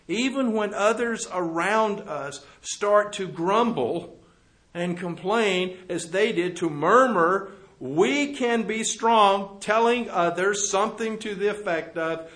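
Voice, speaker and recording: A man preaching a sermon, reading scripture aloud and explaining it, with rhetorical questions and sudden drops to a quiet, low voice. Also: lively intonation, slow pace. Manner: swings from loud emphatic reading to low quiet asides.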